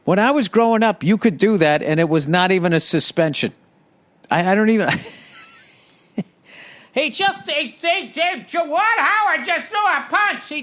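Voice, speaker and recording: A man's voice: high voice, a bit bright. A man hosting a solo podcast, ranting with heavy profanity and sarcasm and stammering restarts when worked up. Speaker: podcast host.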